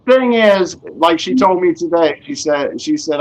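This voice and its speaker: A man's voice: a little high, expressive, moderate pace. A man in a casual online group chat, rambling as he retells a conversation.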